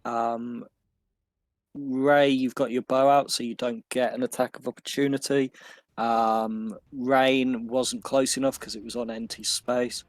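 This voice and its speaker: A man narrating a tabletop game as game master, unhurried and loose, with many fillers. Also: mid-range voice, little pitch movement.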